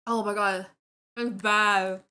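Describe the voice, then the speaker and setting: Tipsy young woman, slow and swearing. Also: mid-range voice, steady tone, pushed and bright, clear, resonant tone. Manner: loose, swearing, sleepy and rambling. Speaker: vtuber streamer. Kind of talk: casual drinking stream chat.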